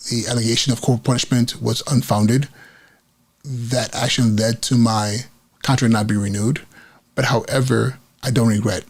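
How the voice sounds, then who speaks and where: A man's voice: medium pitch, creaky, breathy edge. A man hosting a podcast, earnestly retelling a story from his career as an educator, acting out the quotes with frequent restarts. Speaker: podcast host, school principal. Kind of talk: personal storytelling monologue.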